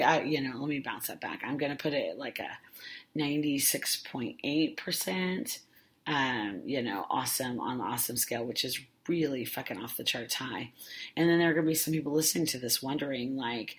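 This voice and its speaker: A woman's voice: very deep voice, expressive, a little fast. A woman hosting her own podcast in a casual, rambling monologue, swearing freely and often losing her train of thought. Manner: rambling and profane, with many fillers and self-interruptions. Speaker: podcast host.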